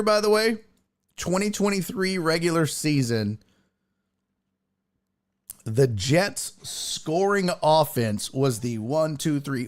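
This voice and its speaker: Animated, profane man ranting about sports. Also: fairly high pitch. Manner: reads and answers viewer chat. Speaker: sports talk show host. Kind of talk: live-streamed sports talk.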